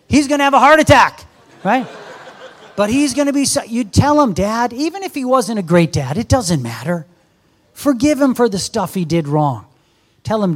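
Man, 50s, high-pitched, earnest exhorting sermon, addresses the congregation. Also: animated, moderate pace. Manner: earnest, exhorting, talks straight to the audience. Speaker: guest speaker. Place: church service with a live audience.

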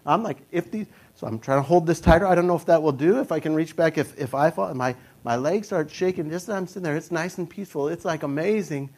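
Young adult male storyteller, casual and animated, slightly high voice, jumps into a panicky squeak for quoted thoughts. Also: fast, few pauses.

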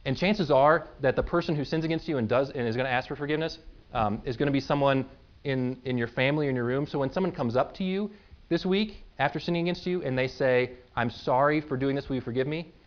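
Man preaching a sermon, thirties, mid-pitched voice, conversational, dull lo-fi recording. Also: quick pace. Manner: conversational, checks in with "right?" and "okay?". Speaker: pastor.

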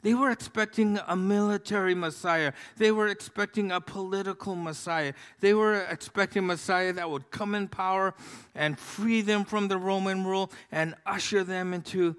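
Pastor, male, slightly high voice, chatty sermon delivery, long hall reverb. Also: fairly even intonation, moderate pace, a bit bright, clean tone. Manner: conversational, storytelling with many fillers.

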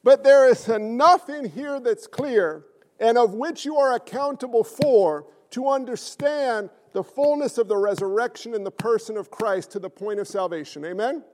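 At normal speed, a strikingly high-voiced pastor drives home his points with loud stresses, then slips into hushed asides. He keeps questioning the congregation throughout his sermon.

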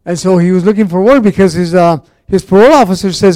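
A man's voice: high voice, quick pace, mellow, dry recording, studio quality. A man preaching a casual, conversational sermon, rambling through stories with plenty of "you know"s and restarts. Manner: loose storytelling with many fillers and restarts.

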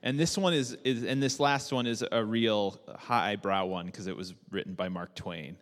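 A man preaching a sermon as pastor, relaxed and joking, with many fillers and restarts. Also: fairly low pitch, normal speed, long reverb tail.

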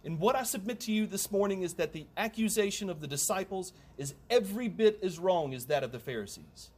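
A man's voice: high-pitched, lively intonation, a little fast, husky. A man preaching a sermon in a conversational way, with humorous asides and emphatic repetition.

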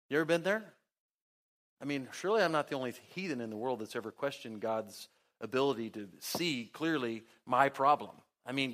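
A man preaching a sermon as pastor, talking conversationally with sarcasm, his pitch and loudness jumping as he acts out quotes. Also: fairly quick. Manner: big swings in pitch and loudness.

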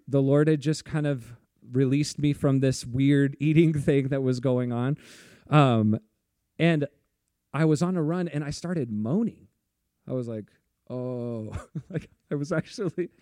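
A man's voice: mid-range voice, warm tone, no room sound, clean studio sound. A man preaching a sermon in a casual, chatty way, laughing often and saying "like" a lot. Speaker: pastor.

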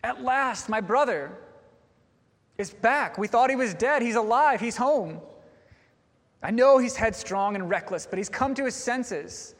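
A preacher acting out a resentful, dutiful older brother who complains with self-righteous indignation. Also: male voice, high voice, big pitch swings, moderate pace, few pauses, breathy edge, big-room sound, heavily acted. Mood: glad.

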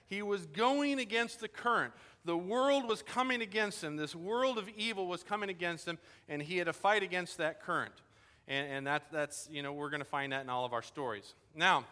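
A man with a high, bright voice preaches a sermon in a loose, storytelling style. He acts out bits of dialogue with lively energy. His voice rings with long reverb in a large church hall. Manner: casual and animated, acting out quoted dialogue. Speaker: pastor.

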